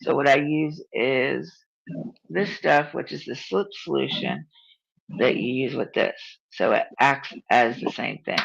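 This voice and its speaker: A woman's voice: a bass voice, a little slow, creaky, slightly rough, muffled recording. A woman hosting a casual video chat, talking bluntly, swearing freely and teasing her friend. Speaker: channel host.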